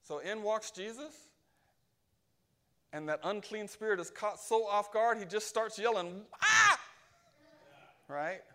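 A man's voice: high voice, measured pace. A man preaching a sermon, emphatic and often asking "right?" to his hearers.

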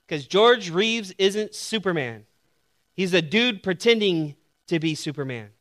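Bright-voiced man preaching a sermon. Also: sits high, a little slow. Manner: animated storytelling with sound effects, then quiet scripture reading. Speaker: pastor.

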